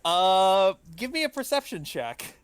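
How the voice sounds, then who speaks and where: A man's voice: high voice, sing-song, unhurried, a little hiss or hum. A man running a tabletop game as game master, narrating with many ums and uhs. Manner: hesitant, full of ums and uhs.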